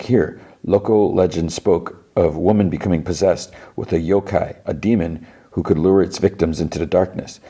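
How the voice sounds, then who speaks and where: A man's voice: deep voice, warm tone. A male podcast host casually recapping an episode, acting out the characters' lines in loose voices. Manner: acts out dialogue in loose voices; lots of "he's like" and restarts.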